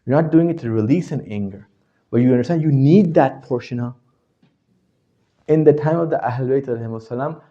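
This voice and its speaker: A man teaching a class, constantly asking his listeners questions and checking that they understand, his voice jumping from loud to quiet. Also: medium pitch, fairly quick, pauses often, highs cut off. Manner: animated, swings from loud to quiet. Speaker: religious teacher. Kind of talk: interactive lecture to a class.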